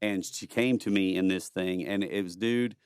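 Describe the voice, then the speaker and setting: A man's voice: deep voice, steady tone, normal speed, smooth, no echo, clean studio sound. A middle-aged man, a podcast guest, telling personal stories in a rambling, earnest way with blunt swearing. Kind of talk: casual storytelling conversation.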